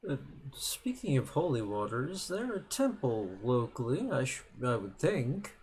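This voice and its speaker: A man's voice: medium pitch, very animated, measured pace, darkish tone, a little hiss or hum. A man playing his character in a tabletop game, hesitant and formal in wording. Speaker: player. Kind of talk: in-character tabletop role-play.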